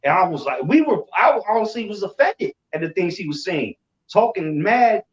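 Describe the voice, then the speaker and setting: Animated storyteller man in a roomy echo. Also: sits high, normal speed. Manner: animated, repeats himself, swears. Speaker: religious group member. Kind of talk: casual storytelling. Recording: roomy, distant, dull sound.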